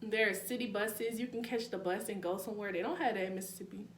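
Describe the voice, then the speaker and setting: A woman's voice: mid-range voice, steady tone, fast talker. A young woman with a New Orleans accent chats to the camera, easygoing and talkative, throwing in laughing asides and calling her viewers y'all. Her voice sits in the middle of a woman's range. The room is echoey, with a faint hum behind her. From New Orleans, Louisiana. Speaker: YouTuber. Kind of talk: casual vlog chat.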